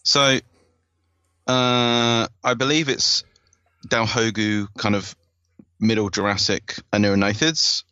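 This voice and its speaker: A man's voice: on the low side, little pitch movement, slow, long pauses, sharp tone, smooth, no room sound, dull audio. A man hosting a casual science podcast, enthusiastic, laughing often as he rambles through paper details. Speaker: podcast host.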